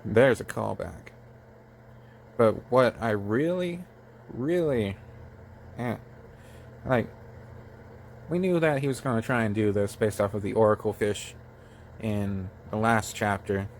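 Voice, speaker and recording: A man hosting his own channel, reviewing a comic chapter in a halting, casual way, full of fillers and restarts. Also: lowish voice, vocal fry, a little hiss or hum. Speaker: channel host. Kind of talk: casual manga review talk.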